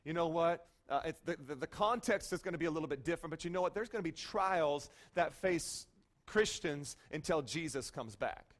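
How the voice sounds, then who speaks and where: A male pastor preaching a sermon in a lively, conversational way, often checking in with "okay?". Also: a little high, normal speed.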